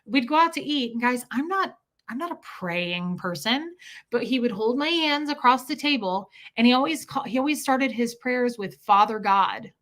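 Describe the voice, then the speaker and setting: Bright-voiced woman telling rambling stories. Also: high-pitched. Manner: animated rambling storytelling, quick bursts. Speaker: livestream host answering viewer questions. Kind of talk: casual chat.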